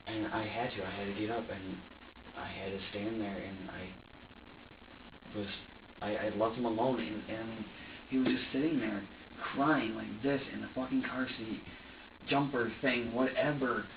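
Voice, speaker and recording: Halting, agitated man in an echoey room. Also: medium pitch, steady tone, a little hiss or hum. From upstate New York. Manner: agitated, halting, many restarts and curses. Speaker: suspect being questioned. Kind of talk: police interrogation statement. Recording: echoey room, distant mic, muffled.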